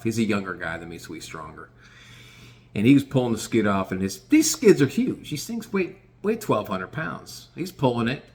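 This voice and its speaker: A middle-aged man telling a casual personal story in a profane, animated way, often acting out what people said. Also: lowish voice. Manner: profane and animated, acts out quoted dialogue.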